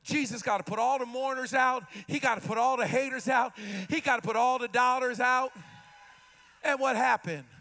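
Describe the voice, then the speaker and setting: A male pastor preaching an impassioned sermon, shouting and calling out to the congregation. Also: very high-pitched, moderate pace.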